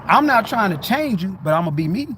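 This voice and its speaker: High-voiced man telling a lively street story. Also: brisk, a little hiss or hum. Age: middle-aged. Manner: animated storyteller who keeps asking "you know what I'm saying"; acts out his own greetings in a raised voice. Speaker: livestream host. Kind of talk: casual spoken monologue.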